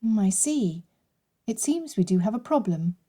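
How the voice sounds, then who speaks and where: A woman voicing a witty, forthright young bride in an audiobook, speaking in a lively, playful and direct way. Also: medium pitch, moderate pace, slightly rough. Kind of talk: audiobook character reading.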